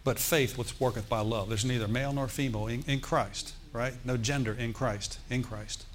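A man pastor telling a story in a sermon, animated, with asides and quoted dialogue. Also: medium pitch, moderate pace.

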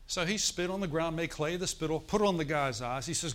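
Quick and with few pauses, a pastor with a fairly high voice delivers his sermon. He brings stories to life, performs forced laughter, and seeks call-and-response from the congregation.

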